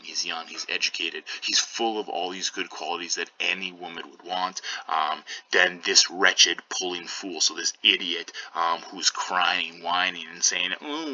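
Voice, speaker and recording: A male teacher giving a casual lesson, reading verse lines aloud and then paraphrasing them in everyday slang, relaxed and full of fillers. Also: sits low, slight background noise, low-quality recording. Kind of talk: casual lesson explaining a play scene.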